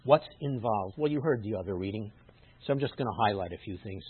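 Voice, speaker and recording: A man giving a sermon as a rabbi, emphatic and teacherly, getting loud when he stresses a point. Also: lowish voice, animated, a little fast, a little hiss or hum. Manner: emphatic, rises loud on scripture quotes, teacherly asides. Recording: muffled phone-like sound.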